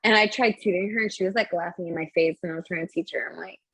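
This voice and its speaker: A woman's voice: lowish voice, racing, fairly bright tone, husky, dry recording, poor audio. A young woman co-hosting a casual podcast chat, laughing often and swearing casually as she tells stories. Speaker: podcast co-host.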